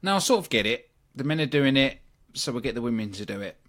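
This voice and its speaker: A man's voice: mid-range voice, sing-song, quick pace, fairly bright tone. A man with a British accent hosting a wrestling review show, talking casually and giving blunt opinions with frequent ums. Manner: chatty, opinionated, many ums and asides. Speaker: wrestling review podcast host.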